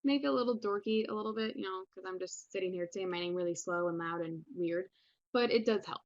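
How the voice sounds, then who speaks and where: A woman's voice: mid-range voice, quick pace, no echo. A young woman teaches a recorded English class in a loose, chatty way, full of ums and restarts. Her voice sits in a middle range. The sound is dry and a little dull, like a basic computer mic. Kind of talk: recorded online class lesson.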